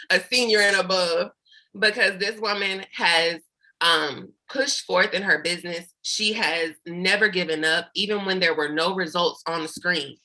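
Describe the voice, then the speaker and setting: A woman's voice: fairly low pitch, bright, forceful tone, low-quality recording. Emotional preachy woman team leader. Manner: preachy, faith-filled, tearful. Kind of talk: emotional team call speech. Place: video call.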